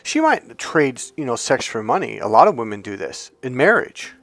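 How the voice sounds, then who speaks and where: A man coaching other men on dating and pitching his course, emphatic and profane, with frequent restarts. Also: big pitch swings, normal speed, gravelly, a bit bright, no room sound. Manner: emphatic, profane, with lots of restarts and acted-out quotes.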